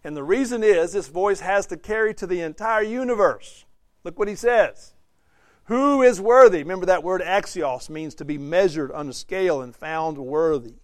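A man's voice: sits high, normal speed, no room sound. A man teaching a Bible class, conversational, quizzing his listeners and acting out the quotes he reads. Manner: conversational, asks the class questions, acts out quotes. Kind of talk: interactive Bible study teaching.

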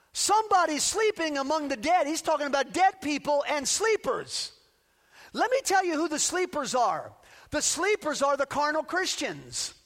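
A man's voice: extremely high pitch, fairly bright tone. A man preaching a sermon as a pastor, emphatic and repetitive, stacking rallying phrases to drive his points home. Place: church sanctuary. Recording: long reverb of a large hall.

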